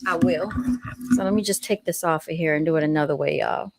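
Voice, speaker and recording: A woman's voice: sits low, fairly even intonation, a little fast, creaky, over loud music, poor audio. Woman hosting a livestream; folksy, dramatic delivery, talks straight to her viewers. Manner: dramatic, folksy, keeps addressing viewers as y'all; apologetic while fixing a fallen mic stand. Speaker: livestream host. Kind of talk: casual livestream talk to viewers. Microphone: handheld studio microphone.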